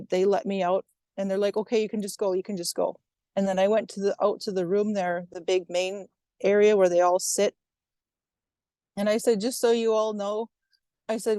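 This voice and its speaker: A woman recounting a personal incident at length, retelling what was said in a steady, even way. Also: mid-range voice, no echo. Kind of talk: first-person account.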